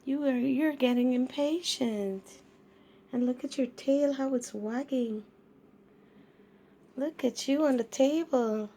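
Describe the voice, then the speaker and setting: Woman, high-pitched, slow unhurried talk, cooing pet talk, asks her kitten question after question. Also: warm tone. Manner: sing-song baby talk to a pet, many questions. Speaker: cat owner filming her kitten.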